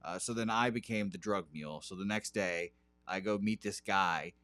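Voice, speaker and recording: Guy on a podcast rambling thru a story, uh-ing and cursing a lot, lowish voice, dry mic. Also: moderate pace, pushed and bright, no echo. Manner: rambling, self-deprecating, lots of swearing and "uh". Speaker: podcast co-host. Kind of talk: casual storytelling chat.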